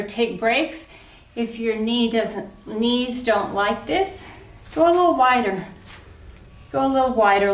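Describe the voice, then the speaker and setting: A woman leading an exercise class for older adults, counting reps and cheering people on, a little out of breath. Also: a little high. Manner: encouraging, counts reps aloud, cheers on the last reps. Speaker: fitness instructor. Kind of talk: guided exercise class instruction. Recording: echoey room, mic at a distance.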